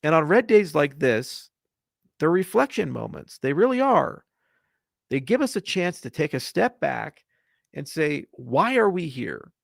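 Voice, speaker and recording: Gravelly, blunt man ranting to camera. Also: on the high side, sing-song, measured pace, no room sound, studio quality. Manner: passionate, blunt, profane, swings from quiet to loud. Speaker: crypto industry founder. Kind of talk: unscripted monologue to camera. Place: Colorado.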